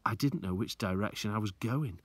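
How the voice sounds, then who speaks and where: Male teacher narrating a children's novel; low, breathy, lively delivery that slows for suspense. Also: dry recording. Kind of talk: reading a children's book aloud.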